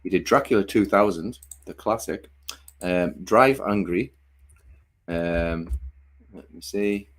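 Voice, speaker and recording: A man's voice: sits low, takes it slowly, pauses often. A man co-hosting a livestream in casual chat, laughing often and swearing freely as he banters. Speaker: livestream co-host.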